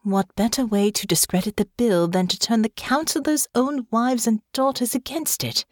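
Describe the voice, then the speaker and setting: A woman voicing Delphinia, a tall, grim, knowing young noblewoman, speaking low, slow and soft in an audiobook. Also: no room sound, clean studio sound, lightly acted. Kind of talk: audiobook character voice.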